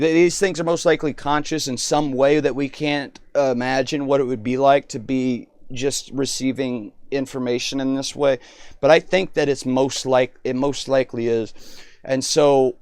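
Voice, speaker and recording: A man on a live stream chatting with an AI, excitable and rambling, often cutting in. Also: mid-range voice, normal speed, no room sound.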